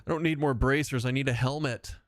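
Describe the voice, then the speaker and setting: A man's voice: medium pitch, fairly even intonation, a little fast, no room sound, clean studio sound. A man chatting casually as he streams a game live, rambling and self-mocking and laughing often.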